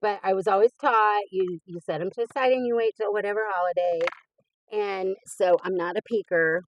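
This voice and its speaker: A woman hosting a craft channel, chatting casually as she unboxes mail, gushing and laughing softly. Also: mid-range voice, moderate pace, a little hiss or hum, rough recording.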